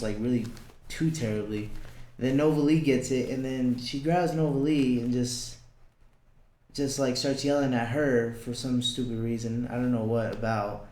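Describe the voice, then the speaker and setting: A man's voice: mid-range voice, dark tone. Young man telling a blunt story. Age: young adult. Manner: blunt, swears often, acts out quoted lines. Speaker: podcast guest. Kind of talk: casual storytelling. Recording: roomy echo.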